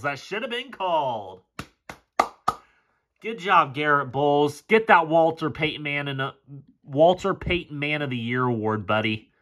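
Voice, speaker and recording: A man talks his way through football film, sarcastic and exasperated, with plenty of swearing. His voice sits a little high and swings widely in pitch. The tone is bright and forceful. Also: lively intonation, unhurried, slight background noise. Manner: frustrated, sarcastic, swears often. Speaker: football film breakdown host. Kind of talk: casual play-by-play film commentary.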